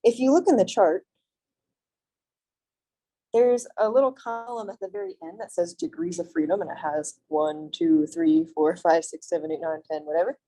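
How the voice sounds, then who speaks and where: Young female instructor, warm mellow tone, friendly classroom lecture, reassuring check-ins. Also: fairly low pitch, normal speed, low-quality recording. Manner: friendly, reassuring, asks frequent check-in questions. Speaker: math instructor. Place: classroom, also streamed on video call.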